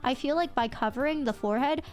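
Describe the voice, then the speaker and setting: A young woman streamer telling stories in casual chat, animated, laughing often and swearing casually. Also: sits high, fast, faint music behind.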